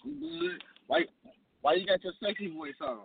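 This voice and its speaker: Husky, lively man calling into radio. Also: sits high, moderate pace. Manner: laughing, slangy, playful. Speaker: caller. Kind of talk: casual call-in chat. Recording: tinny phone line, dry.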